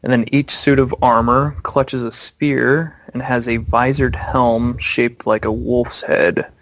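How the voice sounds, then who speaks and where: A young man narrating scenes slowly as game master of a tabletop game. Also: medium pitch, level tone, fairly bright tone, dry recording. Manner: slow, descriptive, with fillers.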